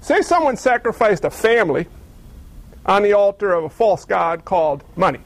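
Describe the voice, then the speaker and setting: A male pastor with a notably high voice delivers a lively sermon. He tells the story with humor and slips into mocking character voices. The sound is dry and close. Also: moderate pace, dry recording.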